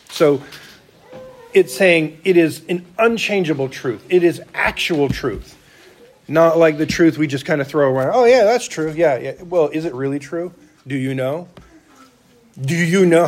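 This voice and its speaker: A man's voice: a little high, a little mellow. A man preaching a sermon as a church elder, talking conversationally and asking his listeners rhetorical questions.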